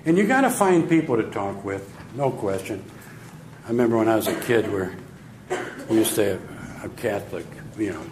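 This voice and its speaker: Older man telling jokes in an echoey room. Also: lowish voice. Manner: animated joke telling, acting out voices. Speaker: sales trainer and speaker. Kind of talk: humorous storytelling talk to an audience. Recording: echoey room with faint noise.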